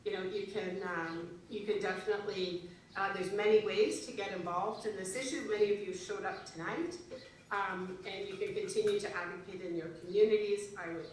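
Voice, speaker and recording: A woman's voice: medium pitch, fairly even intonation, normal speed, distant mic, a little hiss or hum. Woman speaking in an echoey hall from afar. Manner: earnest, with hesitant fillers. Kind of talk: public speech.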